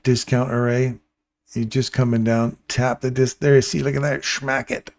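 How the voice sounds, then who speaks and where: A man's voice: medium pitch, flat delivery, normal speed, gravelly. A man hosting a live trading stream, giving casual, playful running commentary and talking to his viewers by name.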